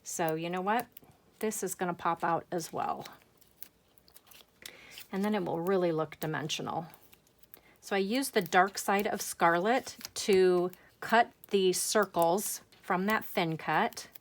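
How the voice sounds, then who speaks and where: A woman's voice: lowish voice, takes it slowly. A middle-aged woman hosting a card-making tutorial, chatty and enthusiastic as she works through each step. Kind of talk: crafting tutorial.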